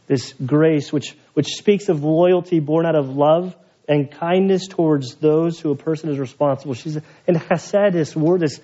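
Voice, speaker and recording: A man's voice: on the high side, mellow. A man preaching an expository sermon in a church, conversational with joking asides. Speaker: pastor. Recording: dull lo-fi sermon recording.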